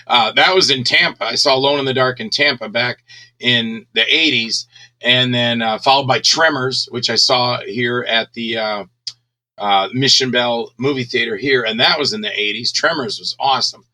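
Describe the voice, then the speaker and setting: Casting note: middle-aged man, very bright tone, rambling and animated, given to acting out scenes. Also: mid-range voice, moderate pace, poor audio. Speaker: guest filmmaker. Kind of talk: casual interview talk.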